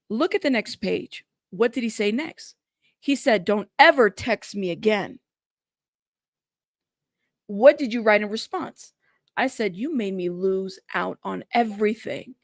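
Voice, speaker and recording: A woman with a slightly high voice hosts a news channel, reading court transcripts aloud. She stops often for sassy, chatty commentary. The sound is dry and close, with no room echo. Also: creaky.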